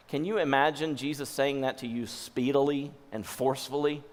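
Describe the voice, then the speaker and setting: A male pastor giving a sermon, going from hushed, gentle lines to forceful ones as he voices scripture. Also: mid-range voice, fairly even intonation, normal speed, few pauses. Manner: shifts between soft hushed tones and forceful lines when voicing scripture. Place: church sanctuary. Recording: long hall reverb.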